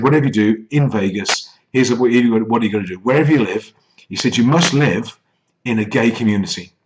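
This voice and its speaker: A middle-aged English man telling a rambling, self-deprecating anecdote as a business coach. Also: medium pitch. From England. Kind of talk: casual anecdote. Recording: slightly dull lo-fi audio with faint noise.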